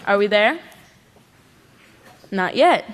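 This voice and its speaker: A woman's voice: mid-range voice, expressive, slow pace. A woman giving an earnest sermon at a religious service, pressing her points with rhetorical questions. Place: large worship hall. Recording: long hall reverb.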